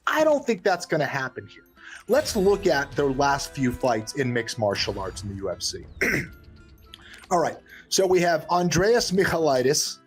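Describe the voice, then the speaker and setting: A man analysing a fight as a co-host, thinking aloud in a halting way. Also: on the high side, sing-song, breathy edge, faint music behind. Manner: thoughtful, halting with restarts. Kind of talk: sports analysis chat.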